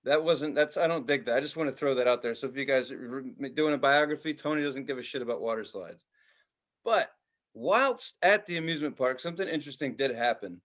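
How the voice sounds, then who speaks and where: A man co-hosting a podcast, telling a profane, animated story in casual chat, now and then shouting loudly. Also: mid-range voice, a little fast, lo-fi sound. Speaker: podcast co-host.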